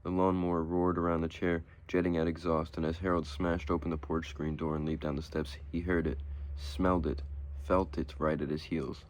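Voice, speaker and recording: A man narrating a short horror story as an audiobook reading, in a steady, measured way. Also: low-pitched.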